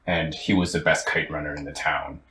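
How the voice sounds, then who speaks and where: A young man co-hosting a podcast, retelling a story in casual chat with lots of restarts and fillers. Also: very deep voice. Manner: animated, halting storyteller with many restarts. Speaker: podcast co-host. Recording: roomy, with faint ambient noise.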